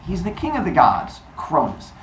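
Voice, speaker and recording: A man voicing a blunt, knowing older grandmother goddess, matter-of-fact and loud. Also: a little high, wildly swooping pitch, moderate pace, a little hiss or hum. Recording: echoey room.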